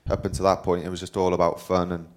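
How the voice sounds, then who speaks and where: With a low-sitting voice and flat delivery, this young man talks fast. He's a Welsh pro cyclist guesting at a live talk, telling casual stories in a wandering, self-mocking style.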